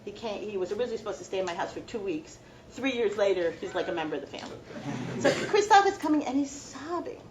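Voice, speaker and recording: A woman's voice: medium pitch, sing-song, quick pace, noisy background. A middle-aged woman, a law professor, giving a heartfelt, reflective personal lecture to students.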